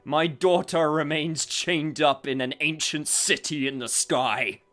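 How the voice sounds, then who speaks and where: A man voicing an ancient, boastful dragon lord with slow, pompous declaiming. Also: fairly high pitch, steady tone, a bit bright, faint music behind.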